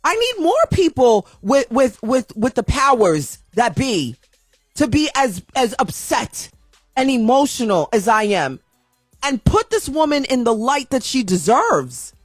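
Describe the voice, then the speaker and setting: A woman with a high voice rants in an emotional vlog, her pitch swinging widely as she repeats herself and restarts her sentences. She sounds upset and heartfelt throughout. The recording is dry and close, with faint music behind her. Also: big pitch swings, unhurried, no room sound. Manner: impassioned, repetitive ranting with many restarts. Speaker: video commentator.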